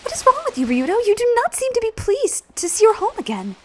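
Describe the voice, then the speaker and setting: A woman voicing an earnest, gentle young woman who speaks formally and politely. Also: very high voice, huge pitch swings, fast, voice pushed up, exaggerated voice. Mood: concerned. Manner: formal, polite, puzzled questions.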